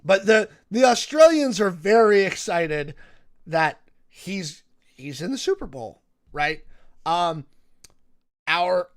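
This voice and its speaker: Animated man telling a sports story. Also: high-pitched. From Seattle area, United States. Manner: animated storytelling, many fillers and "right?" tags. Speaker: co-host. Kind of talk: casual podcast chat.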